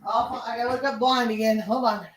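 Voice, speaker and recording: A woman hosting a casual video, chatting loosely with quick apologetic asides as she clicks through clips. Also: on the high side, fairly even intonation, slight background noise. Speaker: host reacting to videos. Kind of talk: casual chat.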